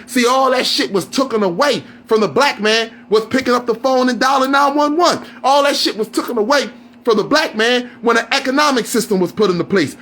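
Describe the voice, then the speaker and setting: A man on a live stream, delivering a heated, profane rant, often shouting and repeating questions at his listeners. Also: extremely high pitch.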